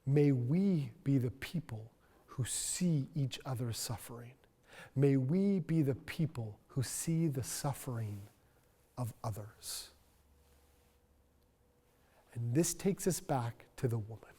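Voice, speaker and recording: Male pastor, unhurried earnest sermon delivery, reverberant sanctuary sound. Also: mid-range voice, lively intonation, husky. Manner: earnest, reflective, soft-spoken at key points. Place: church sanctuary.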